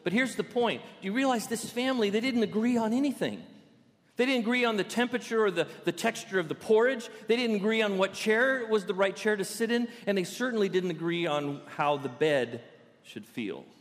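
A man preaching a sermon to a congregation in a playful, animated storytelling way. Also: high-pitched, a little fast, big-room sound. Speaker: pastor. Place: church sanctuary.

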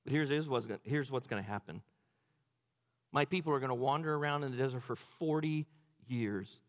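A man playing God as a stern, solemn male figure who pronounces judgment in a grave, measured way. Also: medium pitch, in a large hall, lightly acted.

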